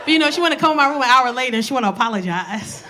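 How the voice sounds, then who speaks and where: High-voiced, animated woman comic. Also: very fast, a faint crowd, slight background noise, poor audio. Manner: animated, profane, bursts of loud shouting. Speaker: stand-up comedian. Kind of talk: stand-up set. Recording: live club with audience laughter.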